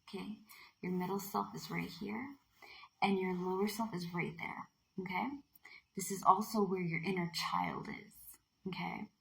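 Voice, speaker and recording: A woman giving a casual tarot card reading in a playful, chatty way, often dropping into breathy half-whispers. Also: mid-range voice, low-quality recording.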